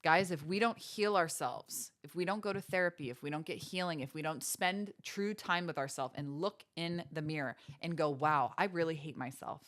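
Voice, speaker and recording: A woman's voice: fairly low pitch, moderate pace, few pauses, fairly bright tone. A woman hosting a podcast, giving earnest, preachy motivational talk with faith references and many rhetorical questions. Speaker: podcast host.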